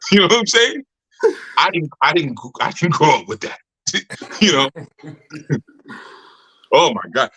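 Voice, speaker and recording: A man's voice: a little high, animated, a little slow, long pauses, bright, forceful tone, husky, rough recording. A man giving a casual, story-filled talk to his community, who laughs often and speaks in a loose colloquial way. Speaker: community leader speaking to members.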